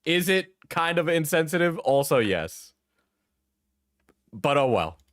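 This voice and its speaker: A man's voice: fairly high pitch, sing-song, slow pace, fairly bright tone, no echo, clean studio sound. A tired man from Wisconsin doing sarcastic live stream commentary, joking and laughing as he reacts to videos.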